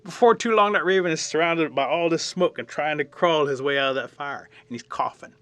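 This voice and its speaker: Bright-voiced male storyteller, animated traditional tale, acts out the scenes. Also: fairly high pitch, brisk, clean tone, no echo. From Cherokee Nation.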